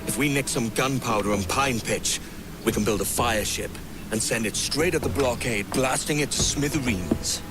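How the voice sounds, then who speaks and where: An actor playing a brash young pirate captain with a Welsh accent, cocky and scheming. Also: male voice, mid-range voice, normal speed, lightly acted. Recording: noisy game audio.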